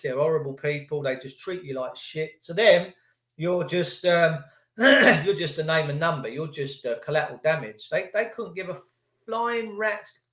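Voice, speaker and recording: A man's voice: fairly high pitch, fairly bright tone. A middle-aged man, ranting profanely and sarcastically in a rambling live monologue as a stream host. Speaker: livestream host. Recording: echoey room.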